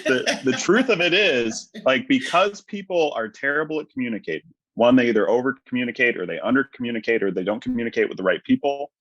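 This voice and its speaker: A man's voice: fairly low pitch, a bit bright, dry recording. A man talking thoughtfully in a casual conversation, explaining his point with small restarts. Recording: dull dry lo-fi audio.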